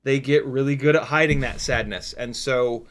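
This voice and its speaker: A tired man in his forties or older hosts a casual livestream, talking at an ordinary mid pitch. He rambles candidly with plenty of fillers, reads viewer comments aloud and drops self-mocking asides. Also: fairly even intonation, moderate pace. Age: 40s or older. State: tired, sleep deprived. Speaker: FPV drone livestream host.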